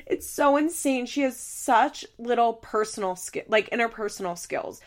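A woman's voice: fairly high pitch, moderate pace, hardly any pauses, a bit bright. Exasperated young woman ranting casually. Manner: heated, exasperated, frequent "like" fillers, swears. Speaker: reality TV commentator. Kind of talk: casual recap commentary.

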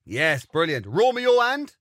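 Man, podcast host, quiz game, teasing, loud laughs, animated pitch. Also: measured pace. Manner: teasing, bursts into high laughter.

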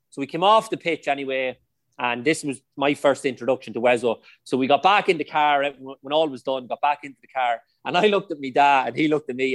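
A man's voice: medium pitch, no echo. A middle-aged Irish man, a former footballer, telling anecdotes in a casual podcast interview, with lots of "like" and "you know".

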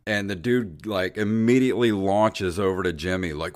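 At a normal speed and with a low-pitched voice, a man co-hosting a podcast spins a long, casual story, doing animated voices for the people in it.

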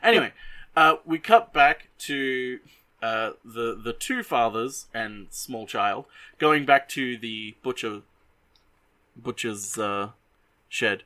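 A young adult man hosting a show who casually retells a movie in animated bursts. He swears freely and often restarts his sentences. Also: medium pitch, slow pace. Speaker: host.

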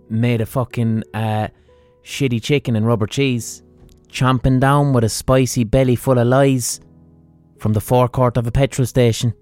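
Irish male podcast host, comic ranter, swears freely, mid-pitched voice, soft music underneath. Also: dry recording. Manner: sweary, exasperated ranting with rhetorical questions. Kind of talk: solo comedic podcast rant.

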